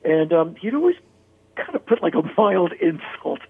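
Gravelly man telling a story. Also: a little high, normal speed. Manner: animated, acts out quoted voices, many "like" and "you know" fillers. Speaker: interview guest. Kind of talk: casual storytelling in an interview. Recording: phone-like narrow-band audio.

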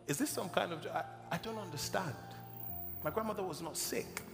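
A man from Nigeria tells an emotional testimony from the pulpit with a gravelly edge to his voice. His words ring through a large church hall. Music plays clearly behind him. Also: sits high, normal speed. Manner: emotional, animated storyteller. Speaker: preacher giving a testimony. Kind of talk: sermon storytelling.

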